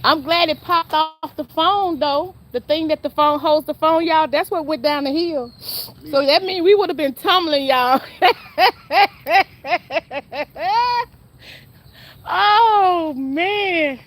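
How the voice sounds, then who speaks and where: A woman's voice: sits high, normal speed, fairly bright tone. A woman vlogging outdoors in a yard, chatting to her viewers and laughing a lot as she talks. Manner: chatty, full of laughter, speaks straight to the viewers. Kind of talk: casual outdoor vlog chat.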